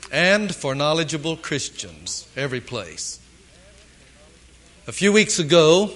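A man preaching a sermon in a slow, deliberate, emphatic way, pausing for dramatic effect. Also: fairly high pitch, fairly bright tone.

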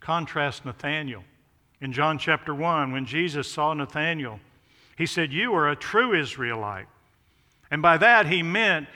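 A man delivers an expository sermon and leans hard into each contrast with climbing emphasis. His voice sits a little high and rings bright and forceful. A long reverb trails his words through a large hall. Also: expressive, measured pace. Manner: emphatic, rising stress on contrasts. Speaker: preacher.

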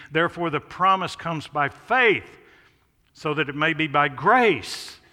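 Bright-voiced male preacher in a reverberant hall. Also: on the high side. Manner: emphatic, rising stress on contrasts. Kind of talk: expository sermon.

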